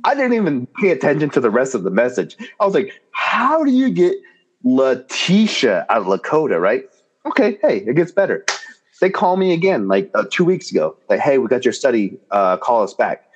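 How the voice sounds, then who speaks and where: A man's voice: brisk, husky. A man co-hosting a casual chat, telling an exasperated story with incredulous outbursts. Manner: exasperated, animated ranting with incredulous high-pitched jumps. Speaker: podcast co-host.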